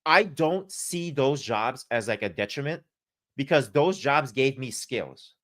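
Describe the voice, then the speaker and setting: A man's voice: medium pitch, animated, measured pace, a bit bright. A man telling a long, rambling story on a casual podcast, full of swearing and fillers. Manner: profane, rambling, many fillers. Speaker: podcast guest.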